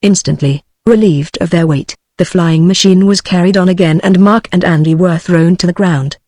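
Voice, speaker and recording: A woman's voice: lowish voice, moderate pace, no echo, clean studio sound. A text-to-speech voice of a woman with a British English accent narrating an adventure novel as an audiobook. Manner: even synthetic reading.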